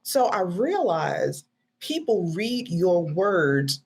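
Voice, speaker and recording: Woman, late 30s, husky voice, lively swooping pitch, joking manner, casual chat. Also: extremely slow. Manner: animated, playful, joking. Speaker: podcast guest.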